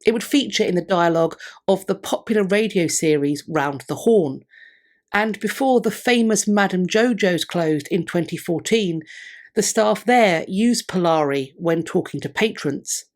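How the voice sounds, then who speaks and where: A woman presenting a history video in measured, scripted narration, reading out scholarly quotations along the way. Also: on the low side, animated.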